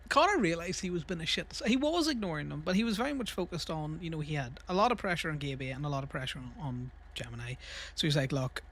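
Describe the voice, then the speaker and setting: A man's voice: on the high side, bright, forceful tone. A young man casually rambling through a story while livestreaming a game, laughing and swearing freely. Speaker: streamer.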